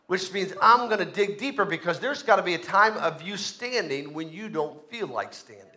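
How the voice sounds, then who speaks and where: A man's voice: high-pitched, lively intonation, moderate pace, sharp tone. A male pastor preaching a sermon, with emphatic repetition and call-and-response to the congregation.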